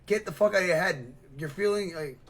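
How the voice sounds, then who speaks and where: A man hosting a reaction video, talking in a rambling, excitable way full of swearing and mocking asides. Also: high voice, brisk. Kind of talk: casual profane reaction commentary.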